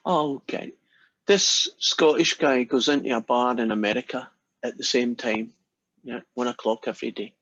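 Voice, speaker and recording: A man's voice: medium pitch, steady tone, normal speed, fairly bright tone, no room sound, muffled recording. A man giving a casual university lecture, telling jokes and acting out the characters in them. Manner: chatty, storytelling, acts out quoted characters.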